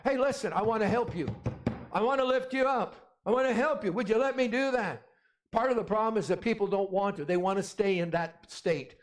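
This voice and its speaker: High-voiced pastor preaching emphatically. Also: male voice, brisk. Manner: emphatic, repetitive, calls for amens. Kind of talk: sermon.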